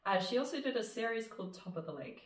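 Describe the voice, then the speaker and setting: A woman's voice: a little high, expressive, fast. A woman film director as a podcast guest, chatting casually, laughing often and trailing off with fillers. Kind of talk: casual conversational interview. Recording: roomy sound from a distant mic.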